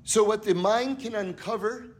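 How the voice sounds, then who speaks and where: Speaking at normal speed in a high-pitched voice, a man teaches Torah through stories. He performs the characters' parts and often asks his audience "right?" to check they're following.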